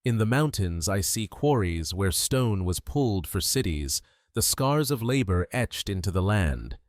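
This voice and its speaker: A man narrating a scripted sleep documentary in a calm, measured, unhurried way. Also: on the low side, dry recording, studio quality.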